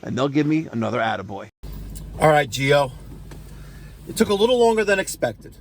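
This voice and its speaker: With a voice on the high side, big pitch swings and a moderate pace, a man hosts a casual HVAC vlog on the job. The contractor gives an infomercial-style sales pitch for the system he has just installed.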